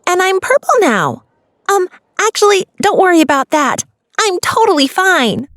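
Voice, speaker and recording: Squeaky chirpy alien girl, super high and bouncy, dry close sound , a guy doing the voice. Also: very animated, normal speed, bright, forceful tone, no echo, exaggerated voice. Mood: nervous, chirpy. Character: nervous young purple alien girl.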